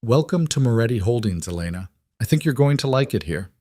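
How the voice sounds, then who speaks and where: A man voicing a powerful mafia boss who speaks in firm, commanding lines with a quietly gentle edge. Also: medium pitch, expressive, fairly quick, no room sound, studio quality, lightly acted.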